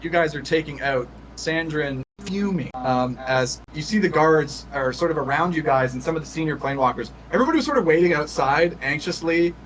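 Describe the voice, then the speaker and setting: N/a game master narrating with lots of fillers. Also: male voice, fairly high pitch, fairly quick, few pauses, fairly bright tone, slight background noise, rough recording. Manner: hedging, filler-heavy.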